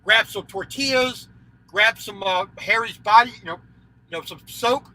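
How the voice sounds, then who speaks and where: Bright-voiced trucker rambling. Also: male voice, high-pitched, moderate pace, a little hiss or hum, poor audio. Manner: rambling, scattered, repeats words, laughs easily. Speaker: truck driver and livestream host. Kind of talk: casual livestream chat. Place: cab of a parked truck. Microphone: headset.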